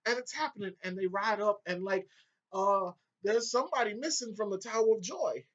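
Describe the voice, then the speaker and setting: A man recapping a TV episode in a casual, excitable way, swearing often and breaking into laughter. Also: high-pitched, fairly quick. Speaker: video reviewer. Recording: dull lo-fi home audio.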